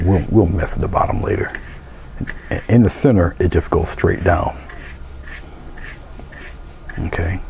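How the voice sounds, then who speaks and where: Low gravelly man calmly teaching painting. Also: slight background noise. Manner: calm and encouraging, often trailing into soft murmurs. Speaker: painting instructor. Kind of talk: step-by-step painting tutorial.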